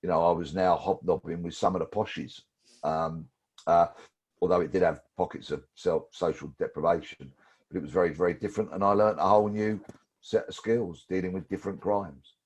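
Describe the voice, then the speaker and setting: Husky, low-voiced man in his sixties. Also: fairly quick. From London. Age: 60s. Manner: lively anecdotal storytelling. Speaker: guest, former police detective. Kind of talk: storytelling interview.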